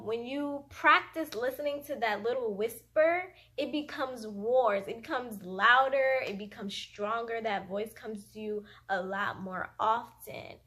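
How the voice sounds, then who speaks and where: A woman's voice: fairly high pitch, fairly bright tone. A young woman vlogging about meditation in a chatty, earnest way, with many fillers and acted-out inner voices. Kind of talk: casual talk to camera.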